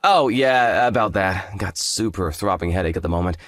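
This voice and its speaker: A man's voice: sits low, normal speed, a bit bright, no echo, clean studio sound. An actor playing an arrogant, hungover young fiancé who talks down to his partner in a lazy, condescending drawl. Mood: dismissive. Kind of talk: dramatized story voice acting.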